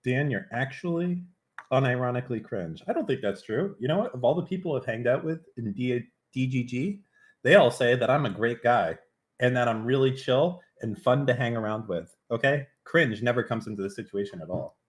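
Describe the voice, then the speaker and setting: A man's voice: medium pitch, expressive, brisk. A man streaming live, chatting casually in a brash, profane, mock-threatening way.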